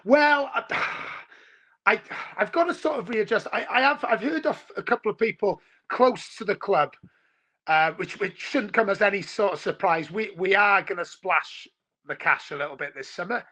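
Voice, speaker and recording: A man from Wales in his forties, a football fan talking on a video call, excitable and rambling, calling everyone mate. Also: high-pitched, moderate pace. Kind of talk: casual podcast chat.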